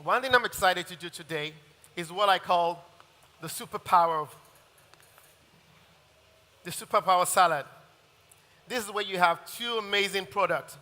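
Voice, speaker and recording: A man's voice: sits high, normal speed, pauses often, pushed and bright. A man chef giving an enthusiastic live cooking demonstration at an event. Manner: enthusiastic, talks while cooking. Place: large hall at a live event. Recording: reverberant hall.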